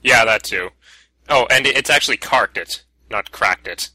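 Brief: upbeat male podcast host, bright sharp tone, average pitch. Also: normal speed, no room sound, low-quality recording. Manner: prodding, reads listener submissions. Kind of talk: casual podcast chat.

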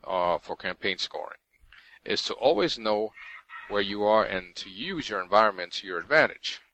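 A man with a fairly low voice that still comes across bright and forceful, recorded dry and close. He co-hosts a casual gaming podcast, reads listener messages aloud and tells animated stories, laughing often. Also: no echo, rough recording. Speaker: podcast co-host reading listener mail.

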